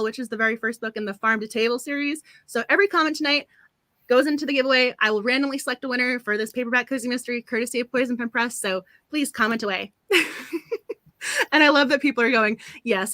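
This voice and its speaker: A woman's voice: on the high side, fast, bright, forceful tone, dry recording. Woman, book club host, casual chat, giggly, apologetic, dry close sound. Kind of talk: casual live-stream chat.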